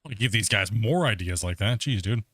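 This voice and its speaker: A man's voice: fairly low pitch, animated, fairly quick, fairly bright tone, breathy edge, no echo, clean studio sound. A man streaming a game live, bantering and teasing with viewers and teammates in a joking way. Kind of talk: live gameplay chat with viewers.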